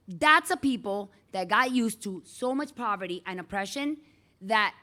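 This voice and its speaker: Chatty woman teacher lecturing a class. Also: a little high. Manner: chatty, animated, talks to students by name.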